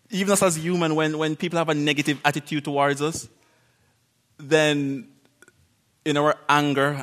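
A man giving an informal sermon in a conversational, animated way, acting out little quoted exchanges and laughing often. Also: a little high. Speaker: preacher.

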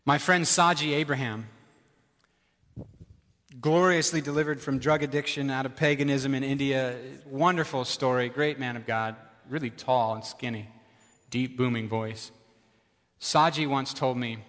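Bright-voiced male pastor preaching. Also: mid-range voice, steady tone, unhurried, big-room sound. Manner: conversational, emphatic repetition, asks the audience questions. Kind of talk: sermon.

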